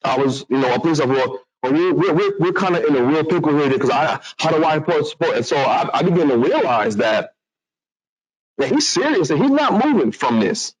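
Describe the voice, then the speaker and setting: Brief: man, storyteller at a talk, animated, acts out voices. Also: on the high side, fairly quick, low-quality recording. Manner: animated, acts out other voices, restarts a lot. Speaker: public speaker telling a personal story.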